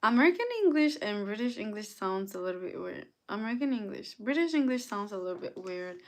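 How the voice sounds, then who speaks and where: A woman's voice: medium pitch, expressive, fairly quick, few pauses. A young woman hosting a casual live stream, chatting, greeting viewers by name and answering their comments. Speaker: livestream host.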